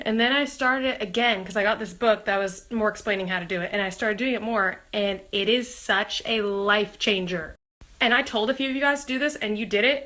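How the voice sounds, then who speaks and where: Young woman, fast-paced, bright voice, chatty and bubbly, a little under the weather, phone held at arm's length. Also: on the high side. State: recovering from being sick. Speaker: singer talking to fans. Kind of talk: casual selfie vlog.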